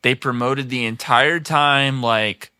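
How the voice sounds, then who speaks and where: A man guest on a casual podcast, talking in a laid-back way, swearing freely and repeating himself as he shouts out his music scene. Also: mid-range voice, steady tone, slow, clean tone, dry recording, studio quality.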